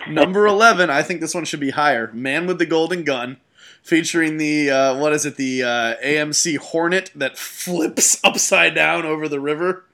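Young male podcast host, higher voice, casual and giggly, animated storytelling. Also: moderate pace. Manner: laughs often, animated impressions. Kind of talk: casual movie chat.

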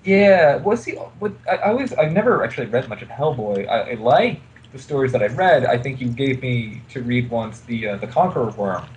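A man's voice: medium pitch, lively intonation, brisk, hardly any pauses, slight background noise, rough recording. A man co-hosting a casual chat about comics, talking in loose rambling sentences full of fillers and restarts.

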